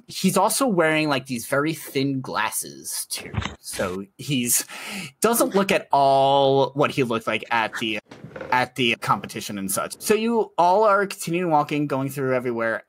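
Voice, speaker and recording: A man's voice: mid-range voice, a bit bright. A chatty game master walks his players through a campus tour, laughing as he goes. He catches his own slips and fixes them on the fly. The room is dry, with no echo. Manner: chatty, laughs often, self-correcting. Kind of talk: narrating a tabletop game.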